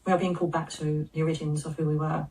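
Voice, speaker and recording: A serene male spirit of Jesus speaks through a medium, as a woman channels him. The delivery is slow, solemn and almost monotone, holding one level note. The voice sits back from the microphone. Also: deep voice, distant mic, a little hiss or hum, voice pushed down, poor audio. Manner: slow, solemn, measured pronouncements.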